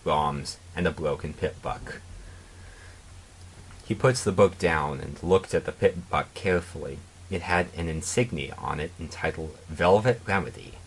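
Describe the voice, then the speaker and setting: A man narrating a comedic dramatic reading of fan fiction in a deadpan way, with mocking asides. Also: low voice, breathy edge.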